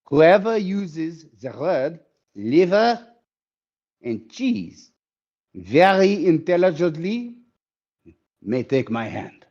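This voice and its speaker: A man voicing a haughty female French poodle in a joke, with slow, drawn-out words. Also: fairly high pitch, big pitch swings, a little mellow, lo-fi sound, pitched above the performer's own voice, full character voice. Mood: coy.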